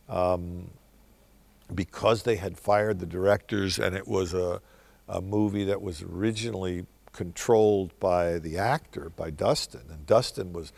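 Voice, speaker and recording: A man's voice: low voice, gravelly, darkish tone, slightly rough. An older man, a film director, telling wry, reflective stories in answer to interview questions.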